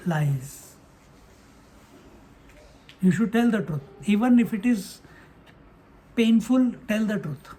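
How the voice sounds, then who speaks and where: A man's voice: high voice, darkish tone. A man giving a spiritual discourse on scripture, acting out the dialogue with a chuckle and chanting verses. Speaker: spiritual teacher.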